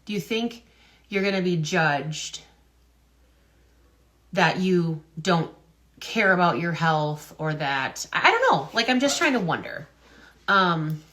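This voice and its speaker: A woman with a slightly low voice talks straight to her viewers in a loose, casual vlog. She rambles and thinks out loud, full of "um"s and restarts. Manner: rambling, wonders aloud, many fillers and restarts. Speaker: health and business content creator. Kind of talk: casual talk-to-camera vlog.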